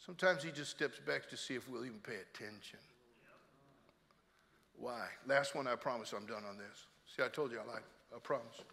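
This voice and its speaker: Older male preacher, gravelly, sharp tone, hushed then loud, long church reverb. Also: mid-range voice, moderate pace. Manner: swings from hushed storytelling to loud exhortation. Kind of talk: sermon.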